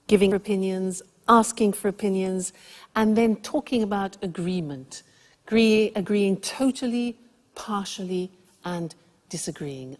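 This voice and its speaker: English teacher, woman, slow and deliberate, long reverb behind her. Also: mid-range voice, a little mellow. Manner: slow, clear teaching delivery. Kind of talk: language lesson explanation.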